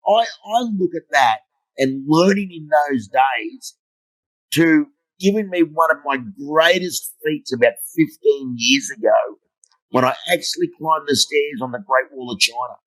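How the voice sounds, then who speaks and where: A middle-aged motivational speaker tells blunt, funny stories in an interview, swearing freely. His voice sits a little high, fairly bright, with lively intonation and an unhurried pace, though the audio is poor.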